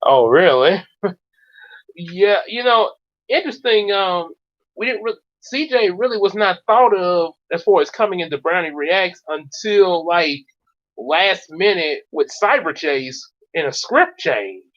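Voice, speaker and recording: A man hosting a casual reaction chat, rambling and halting with many restarts. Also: sits high, expressive, a bit bright, muffled recording. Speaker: host.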